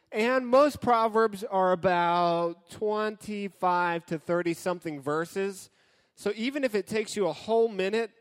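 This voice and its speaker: A man giving a casual, joking sermon as a youth pastor, talking straight to his audience. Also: sits high. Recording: hall with long reverb.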